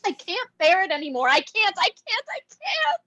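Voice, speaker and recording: A woman's voice: high-pitched, expressive, a little slow, no echo, dull audio. A woman playing a despairing young woman of twenty-three, crying through her lines in a cold read over a video call. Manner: sobbing, anguished outbursts. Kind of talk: cold-read stage drama.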